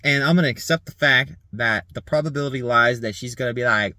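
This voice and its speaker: A man in his thirties rambling in a casual vlog monologue, laughing often, swearing and filling pauses with "like" and "um". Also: medium pitch, lively intonation, pushed and bright, no room sound, clean studio sound. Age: 30s. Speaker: vlogger.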